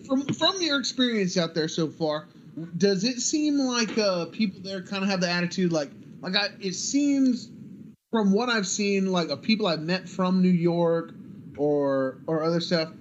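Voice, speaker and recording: A man with a slightly raised voice rambles through a casual podcast chat. He leans on repeated filler words and restarts his thoughts often. The audio is muffled, with a faint hiss underneath. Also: a little high. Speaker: podcast co-host.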